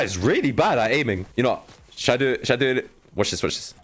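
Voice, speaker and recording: Young male gaming creator narrating his match live: very animated pitch, chatty with viewers, quick to yell in frustration. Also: soft background music. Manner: excitable, talks to viewers, frequent exasperated outbursts. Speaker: gaming YouTuber. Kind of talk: live gameplay commentary.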